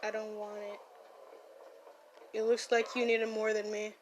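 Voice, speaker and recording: A woman giving silly commentary while playing a game, playfully yelling at the characters. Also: medium pitch, monotone, normal speed, slight background noise. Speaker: gamer.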